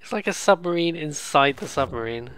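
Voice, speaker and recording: A man's voice: a little high, expressive, brisk, a bit bright, a little hiss or hum. A man hosting a let's play, giving casual, sarcastic, rambling gameplay commentary. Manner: sarcastic, swears freely, rambling.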